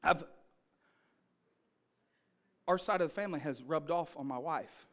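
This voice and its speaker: A male pastor preaching a sermon, telling family stories in an animated, punchy way. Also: on the high side, measured pace.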